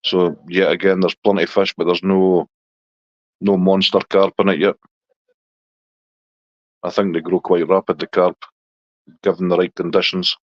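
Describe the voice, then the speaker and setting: A Scottish man hosting a casual live chat with viewers in a relaxed, chatty way. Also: normal speed, long pauses, no room sound. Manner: relaxed, chatty, talks to his dog in a high baby voice. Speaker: livestream host chatting with viewers. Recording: dull lo-fi dry sound.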